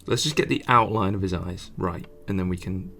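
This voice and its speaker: A man's voice: low-pitched, brisk, creaky, fairly bright tone, a little hiss or hum. A young man chatting casually while he draws, muttering and swearing as he gets frustrated. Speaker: artist streamer. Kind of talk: casual drawing commentary.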